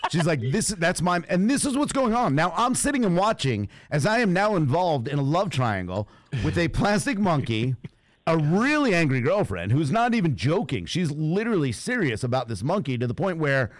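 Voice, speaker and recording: A man hosting a radio stream tells a funny story with a lively voice that swings up and down, laughing as he goes. He sits close to a studio mic in a dry, dead room. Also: a little high, moderate pace, dry recording. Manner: animated storyteller, laughs often, puts on cooing baby talk to a toy. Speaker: radio show host. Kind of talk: casual comedic storytelling.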